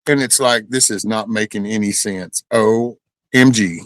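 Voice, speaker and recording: A man's voice: on the low side, unhurried, no echo, low-quality recording. Rambling man chatting on a live stream. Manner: rambling storytelling, talks to chat. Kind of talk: casual chat reading viewer comments.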